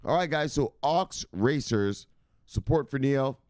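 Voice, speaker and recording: A man's voice: medium pitch, lively intonation, a little slow, a little mellow, no echo, studio quality. A man hosting a crypto news livestream in a loose, rambling way, swearing freely and barking out catchphrase sign-offs. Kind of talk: casual livestream chat.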